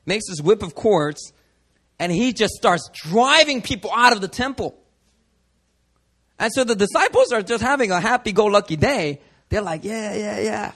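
Animated, high-voiced male preacher. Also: normal speed. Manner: animated, acts out scenes, shifts from hushed to loud. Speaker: pastor. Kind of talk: sermon. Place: church prayer meeting.

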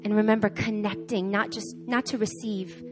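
A woman preaching a sermon at a church service in an animated way, acting out the voices she quotes. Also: mid-range voice, normal speed, music in the background. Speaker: guest preacher.

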